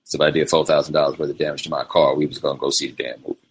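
A man's voice: a bass voice, level tone, rapid-fire, a little hiss or hum. A man hosting his own show, telling rambling stories in casual chat and slipping into quoted voices. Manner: rambling storytelling with quoted impressions. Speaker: show host. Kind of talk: casual livestream monologue.

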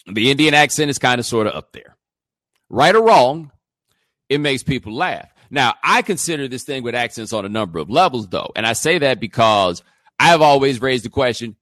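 A middle-aged man hosting a show, delivering an animated opinion monologue full of rhetorical questions. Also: mid-range voice, moderate pace, no room sound. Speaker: host.

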